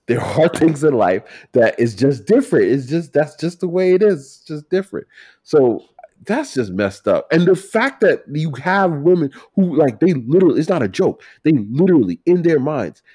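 Man, casual podcast co-host, lively pitch, dry close sound, emphatic. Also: normal speed, breathy edge, no room sound. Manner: animated, emphatic, swings from loud to quiet. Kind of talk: casual chat.

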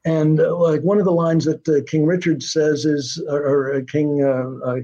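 A man's voice: fairly high pitch, flat delivery, moderate pace, dark tone. An older man talking as a guest about his screenwriting, telling stories in a rambling way with many hesitations. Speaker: guest, TV writer-director. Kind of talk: casual interview chat. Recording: dull lo-fi sound.

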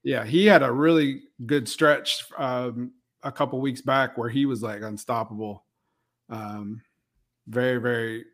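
A man's voice: mid-range voice, fairly even intonation, a little slow, fairly bright tone. Man, podcast co-host, agreeable, hesitant, casual chat. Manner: agreeable, hesitant, frequent ums.

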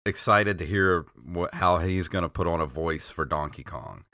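A laid-back man hosting a gaming podcast, heavy on fillers like "you know" and "like." His voice is low yet bright and forceful. The sound is dry and close, with no room around it. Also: normal speed, no echo. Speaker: podcast host. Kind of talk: casual chat about games and movies.

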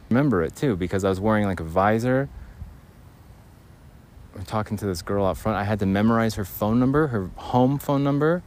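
A man's voice: on the low side, darkish tone, a little hiss or hum. A man rambling through a nostalgic comic story in a podcast, correcting himself as he goes and breaking into laughter. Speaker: comedian host.

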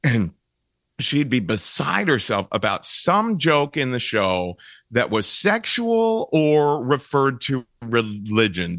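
A middle-aged man from Ohio tells animated stories as a guest in a casual interview and laughs often. His voice is bright and forceful, at a medium pitch. The sound is close and dry. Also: dry recording. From Cincinnati, Ohio, USA.

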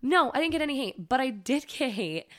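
A woman's voice: high-pitched, big pitch swings, a little fast, fairly bright tone. A woman co-hosting a podcast in casual chat, telling stories in a bubbly way with lots of fillers. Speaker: podcast co-host.

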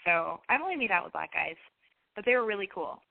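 A woman's voice: medium pitch, very animated, brisk, vocal fry. A young woman hosting an online radio show, telling a story in a rambling, profane, self-interrupting way. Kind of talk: casual rambling monologue. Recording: phone-like narrow band audio.

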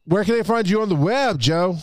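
Upbeat podcast host with a smooth voice. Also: male voice, high-pitched, animated, a little fast, dry recording, studio quality. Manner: upbeat, chatty, laughs often. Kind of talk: casual podcast chat.

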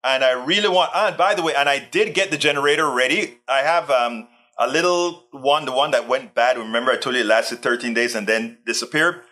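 A man's voice: medium pitch, a little fast, hardly any pauses, sharp tone. A man hosting a casual live stream, chatting in a rambling way and reading out viewer comments. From Texas. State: tired, sore back. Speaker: livestream host.

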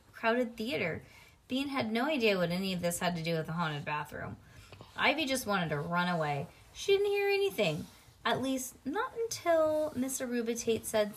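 A woman's voice: a little high, fairly bright tone. A woman reading a children's book aloud to a child at home, with casual asides to the child.

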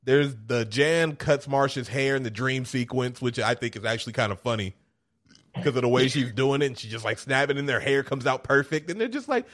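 A man in casual movie commentary chat, animated, often putting on the characters' voices and laughing. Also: medium pitch, fairly quick. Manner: animated, mimics characters in quoted asides, swears, laughs often.

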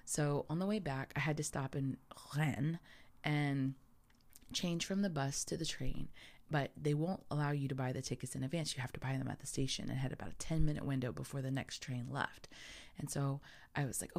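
Low, gravelly woman telling a story. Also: brisk. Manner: animated, acts out her own panic in quoted asides. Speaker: photographer telling a travel story. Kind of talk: casual storytelling.

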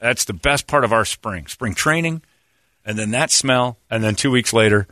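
A man's voice: medium pitch, moderate pace, dry recording, studio quality. A man from Indiana hosting a radio show, telling stories in casual banter and acting out the quotes. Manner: animated storyteller, acts out quotes.

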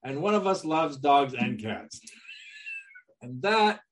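A man co-hosting a podcast in casual, crude banter, joking and teasing loudly. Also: on the high side, big pitch swings, slow, slight background noise. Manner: joking, loud teasing outbursts. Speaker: podcast co-host.

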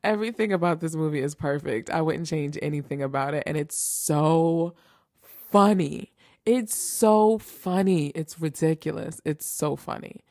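A woman's voice: sits low, measured pace, darkish tone, no echo, clean studio sound. A young woman hosting a casual chat show, gushing over favorites and repeating phrases for emphasis. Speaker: host ranking holiday movies.

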